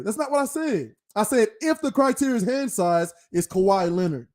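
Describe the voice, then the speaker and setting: A man's voice: high voice, sing-song, a little slow, a little mellow. A man co-hosting a casual sports talk show, scolding and ranting in mock anger and swapping curses for a made-up word. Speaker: podcast co-host. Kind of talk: heated casual debate.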